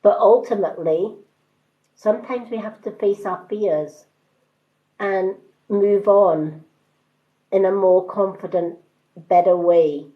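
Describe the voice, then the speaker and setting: A woman in her fifties with a mixed British accent, giving a card reading on a live stream in an unhurried, hesitant, reassuring way with many ums. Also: mid-range voice, phone-quality sound. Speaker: tarot card reader.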